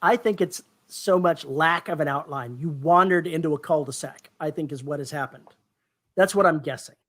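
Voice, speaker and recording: A podcast co-host giving advice and trading dry, deadpan jokes in casual chat. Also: medium pitch, moderate pace.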